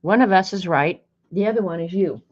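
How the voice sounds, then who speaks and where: A woman's voice: fairly low pitch, fairly quick. A woman hosting a casual art livestream, chatting, greeting viewers by name and reading snarky sayings aloud. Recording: dull lo-fi stream audio.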